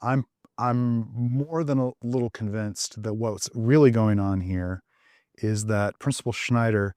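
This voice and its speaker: A man co-hosting a podcast, discussing a TV show in an animated way and stumbling over repeated words. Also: lowish voice, a little slow, no echo, studio quality. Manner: animated, stammers on restarts, laughs while telling jokes. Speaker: podcast co-host. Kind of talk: casual TV episode discussion.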